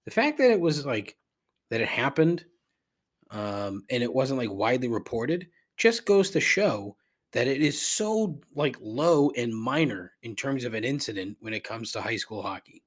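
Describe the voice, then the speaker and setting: A middle-aged man hosting a podcast, rambling through a profane rant that climbs in pitch when he gets riled. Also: big pitch swings, moderate pace. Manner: rambling and repetitive, swears freely, rises in pitch when riled. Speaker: podcast host. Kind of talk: casual profane ranting monologue.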